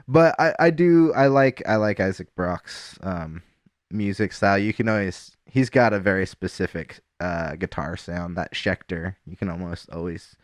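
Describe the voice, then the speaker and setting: A man co-hosts a laid-back music podcast, talking low and unhurried. He circles around his points with fillers and restarts. The sound is close and dry, with no room in it. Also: no echo. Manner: rambling, halting, many restarts and fillers. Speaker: podcast co-host. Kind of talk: casual chat about music.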